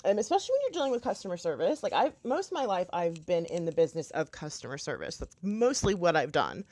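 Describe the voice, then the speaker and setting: Animated woman telling a rambling story. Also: lowish voice, fast talker. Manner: rambling, animated, many fillers and restarts. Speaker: YouTuber. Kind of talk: casual storytelling while doing makeup.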